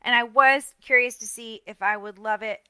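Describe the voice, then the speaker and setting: Bright, crisp Southern woman storyteller. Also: on the high side, normal speed, dry recording. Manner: animated storytelling, acts out quotes. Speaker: podcast co-host. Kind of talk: casual chat.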